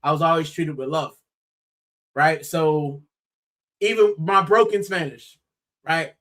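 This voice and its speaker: Animated American man, bright voice. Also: fairly high pitch, takes it slowly. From United States. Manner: animated, exclaiming, says bro often. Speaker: podcast co-host. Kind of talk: casual football chat.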